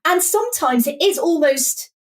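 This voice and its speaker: Lively high-voiced English woman. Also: normal speed. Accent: English Midlands. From England. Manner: animated, laughing, quotes lines in character voices. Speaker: podcast guest. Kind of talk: casual chat.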